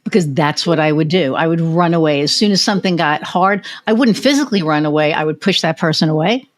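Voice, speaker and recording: A woman's voice: sits low, quick pace. An American woman hosting a podcast, telling personal stories in casual interview chat and swearing freely. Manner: candid storyteller who swears freely. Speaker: podcast host.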